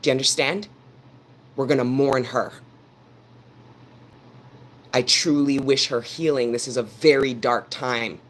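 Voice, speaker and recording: A man's voice: medium pitch, steady tone, measured pace, long pauses. A man giving a live tarot reading, talking earnestly and preachily straight to his viewers and repeating phrases for emphasis. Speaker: tarot reader.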